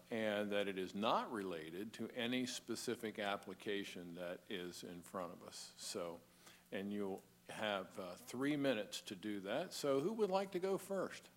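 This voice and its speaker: Brisk man chairing a meeting. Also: lowish voice. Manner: brisk, procedural, polite. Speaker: commission chairman. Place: county meeting chamber.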